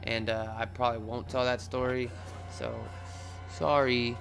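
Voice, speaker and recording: A young man recounting a chaotic night in a loose, profane ramble, now and then breaking into the shouts he gave at the time. His pitch sits mid-range, and faint music plays underneath. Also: flat delivery, unhurried, creaky. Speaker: vlogger telling a personal story. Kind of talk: casual storytelling vlog.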